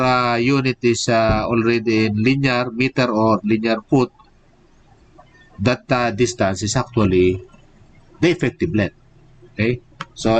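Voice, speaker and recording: A man teaching engineering in an unhurried, measured way, pausing to ask "okay?" and "what?" as he works through each step. His voice sits at an ordinary middle pitch, with faint background noise behind him. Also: rough recording. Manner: drills points with repeated "okay?" and rhetorical "what?". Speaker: engineering professor. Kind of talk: live-streamed lecture.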